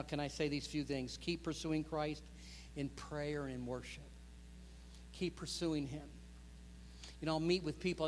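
Man in his fifties, sermon delivery, impassioned, slightly high voice, low hum in the recording. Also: long reverb tail. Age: 50s. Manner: builds to loud impassioned preaching, acts out quoted prayers. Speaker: pastor.

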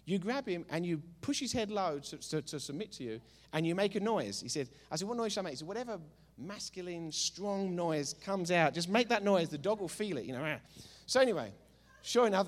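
A male pastor preaching a sermon, telling a funny story with emphatic, animated delivery. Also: high-pitched.

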